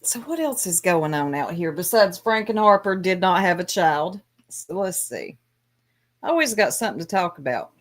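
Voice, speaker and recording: A woman's voice: on the low side, very animated, normal speed. A woman chatting in a laid-back way as a co-host on a casual livestream, laughing easily.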